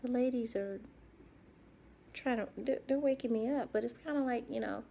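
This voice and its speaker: A woman speaking in a halting, soft personal video diary, often dropping to a whisper and repeating herself as she searches for words. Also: fairly high pitch, gravelly, slight background noise. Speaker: vlogger.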